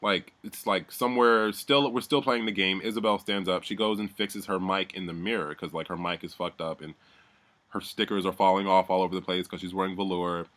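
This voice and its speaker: Guy w a lowish bright voice doing a snarky sweary recap. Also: steady tone, a little fast. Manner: sardonic, profane, rambling. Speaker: reality TV recap vlogger. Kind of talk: casual recap.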